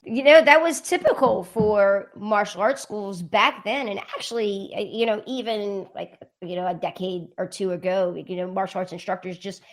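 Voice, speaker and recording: A middle-aged woman, a guest in a casual interview, telling lively stories and acting out the dialogue. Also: mid-range voice, normal speed, hardly any pauses. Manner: animated storyteller, acts out dialogue. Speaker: guest, martial arts educator.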